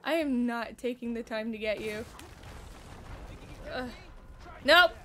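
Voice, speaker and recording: A woman commentating her gameplay casually, excitable and quick to yelp and swear when she panics. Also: a little high, slight background noise. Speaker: gamer streamer.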